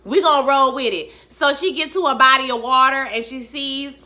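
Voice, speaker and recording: A woman casually recapping a TV episode in a chatty, animated, profane way, calling viewers honey and child. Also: high voice, moderate pace. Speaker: vlogger recapping a TV series.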